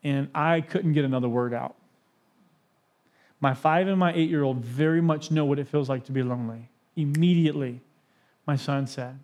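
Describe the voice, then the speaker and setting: A man's voice: a little high, moderate pace, a little mellow. A man in his thirties preaching a sermon in a church, conversational and personal, with joking asides. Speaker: pastor. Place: church sanctuary.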